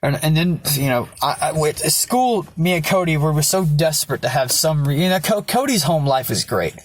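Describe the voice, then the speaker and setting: A man's voice: a little high, lively intonation, moderate pace. A young man telling his personal backstory in a candid vlog, blunt and rambling, with lots of swearing. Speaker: vlogger.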